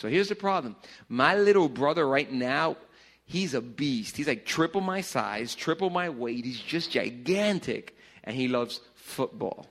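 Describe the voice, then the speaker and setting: A middle-aged man preaching a casual youth sermon in a church hall, joking and swinging between loud bursts and hushed lines. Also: medium pitch, expressive, normal speed. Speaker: pastor.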